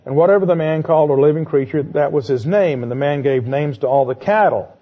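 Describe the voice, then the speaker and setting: A man giving a conversational Bible lecture, asking quick rhetorical questions and adding playful asides. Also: fairly high pitch. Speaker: Bible teacher. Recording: dull lo-fi recording.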